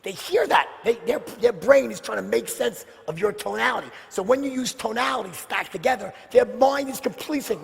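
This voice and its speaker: A man delivers a live sales seminar straight to the crowd, using rhetorical questions and moving between loud bursts and near-whispers. His extremely high, creaky voice is animated and fairly quick, with hardly any pauses, in a big-room sound.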